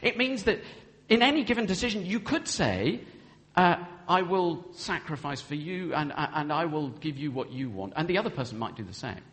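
A man's voice: a little high, sing-song, moderate pace, fairly bright tone. A man preaching a sermon with earnest delivery, acting out spoken vows as he goes. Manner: earnest, acts out vows in quoted speech. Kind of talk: sermon on marriage. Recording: long hall reverb.

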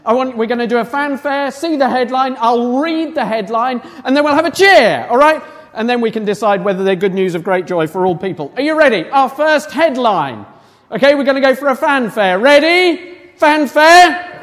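A high-voiced man leads a family church service, lively and rousing as he gets the children cheering. His voice rings out with long reverb in a large hall. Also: a little fast. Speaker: church leader. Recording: echoey hall.

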